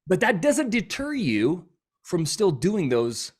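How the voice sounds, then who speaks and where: Male interview host, husky, lively pitch, short nudging remarks. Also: slow pace. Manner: prompting the guest with short remarks. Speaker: podcast host. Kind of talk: casual interview.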